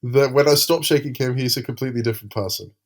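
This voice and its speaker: A man's voice: medium pitch, fast talker. Podcast cohost guy, rambly and unsure, lots of ums, just chatting. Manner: hesitant, rambling with fillers. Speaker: podcast co-host. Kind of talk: casual podcast chat.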